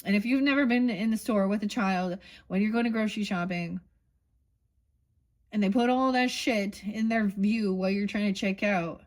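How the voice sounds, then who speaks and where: A woman's voice: medium pitch, normal speed, a little mellow. Rambling woman reading tarot cards. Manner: rambling, swears casually, thinks aloud. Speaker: tarot reader.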